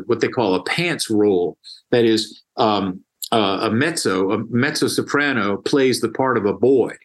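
A man talking casually and enthusiastically as a guest, often restarting and repeating words as he explains. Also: lowish voice. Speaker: music guest explaining opera.

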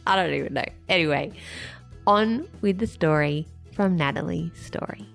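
A woman's voice: lowish voice, normal speed, creaky, faint music behind. A woman hosting a podcast, chatty and self-mocking, with a slight lisp after dental surgery. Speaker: podcast host. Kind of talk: casual podcast intro and chat.

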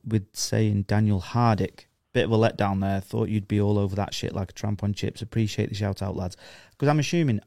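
A man's voice: on the low side, dark tone, no echo, studio quality. A man co-hosting a podcast, reading out listener comments in a joking, casual way. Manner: joking, laughs often, swears casually. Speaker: podcast co-host.

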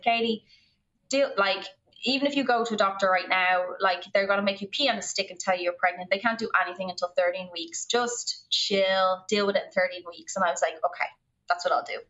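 A woman's voice: medium pitch, sharp tone. A young Irish woman telling a story as a podcast guest in a rambling way, full of "like". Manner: rambling, filler-heavy, lots of "like". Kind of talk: storytelling in casual conversation. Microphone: remote call. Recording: lo-fi remote call audio.

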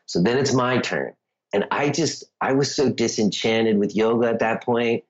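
A man's voice: mid-range voice, normal speed, muffled recording. An American man, a yoga teacher, telling a personal story in a casual, chatty way, full of "like"s and small laughs. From United States. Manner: chatty, many "like"s, laughing asides.

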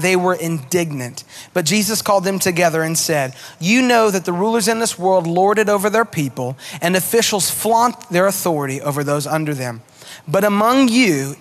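A male pastor giving a sermon in a church, chatty, animated and self-deprecating, reading scripture and praying. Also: sits high, normal speed. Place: church auditorium.

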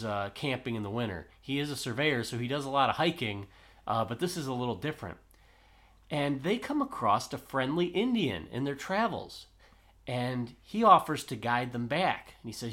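A man's voice: mid-range voice, a bit bright. A man hosting a history podcast, casually retelling events and acting out the quotes of the people involved. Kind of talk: casual storytelling chat.

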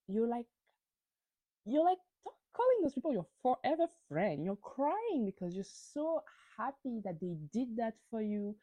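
A woman's voice: fairly high pitch, mellow, no room sound. A woman hosting a podcast, giving a ranting gossip recap of reality TV, swearing freely and stumbling over words when worked up. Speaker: podcast host.

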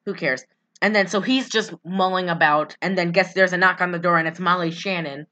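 A woman in casual chat, recapping a movie in a rambling, giggly way and putting on quick voices for the characters. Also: on the low side, fairly even intonation, pushed and bright, dull audio. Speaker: podcast co-host recapping a movie.

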